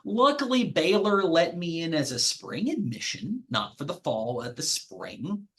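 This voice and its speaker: A man who works as a lawyer, a guest on a podcast, explaining ideas in a measured, analytical way and backing them with personal examples. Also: on the high side, sing-song. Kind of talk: conversational podcast discussion.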